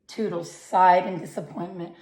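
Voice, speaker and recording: A woman reading a picture book aloud to children, gentle, with questioning asides to her young listeners. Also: on the low side, fairly even intonation, normal speed, roomy sound. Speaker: read-aloud narrator.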